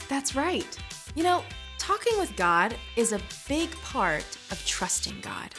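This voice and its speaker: A woman's voice: high-pitched, big pitch swings, slow, music in the background. A woman presenting a children's church lesson in an upbeat, encouraging way.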